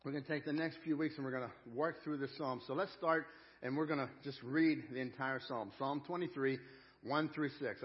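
A man preaching a sermon as pastor, earnest, slowing down and repeating phrases for emphasis. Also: mid-range voice, steady tone, dull audio.

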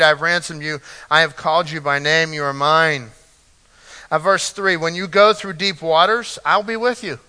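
A man's voice: sits high, bright, forceful tone. A man preaching a conversational sermon as pastor, earnest and repeating his key phrases, with light asides. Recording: reverberant church hall.

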